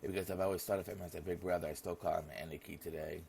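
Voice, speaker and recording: A man's voice: sits low, fairly even intonation, racing, gravelly, a little mellow, slight background noise. A young man reading a visual novel aloud in a casual manner, stumbling over names now and then. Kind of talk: reading game text aloud.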